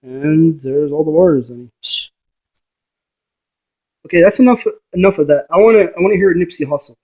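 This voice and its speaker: A man's voice: a little high, normal speed, darkish tone. A man who investigates ghosts, giving a rambling, preachy monologue and arguing with the viewer through rhetorical questions. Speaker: paranormal investigator.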